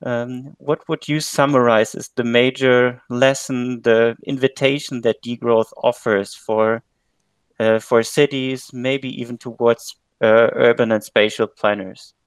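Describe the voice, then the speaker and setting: A man hosting a podcast interview, introducing the show and asking questions in a measured, formal way. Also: medium pitch, fairly even intonation, clear, resonant tone, dry recording. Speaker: podcast host, assistant professor.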